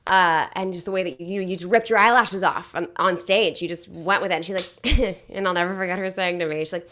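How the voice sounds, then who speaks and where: A young woman, a variety show cast member, telling a story in casual, animated chat full of fillers. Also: fairly low pitch, a little fast, hardly any pauses. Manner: chatty, animated, filler-heavy.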